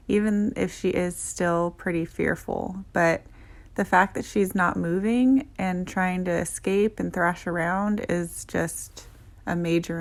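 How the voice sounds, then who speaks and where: A young adult woman, a dog groomer, giving gentle, chatty voice-over narration that explains her work. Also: on the low side, vocal fry.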